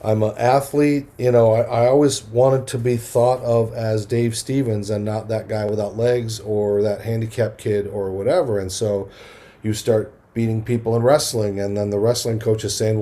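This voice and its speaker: A middle-aged man spins animated stories as an interview guest. His voice is mellow and dark, and he jumps into the voices of the people in his tales. He restarts and repeats words as he talks. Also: on the low side, moderate pace. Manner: energetic storyteller who acts out quoted voices, restarts often. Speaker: podcast guest, motivational speaker.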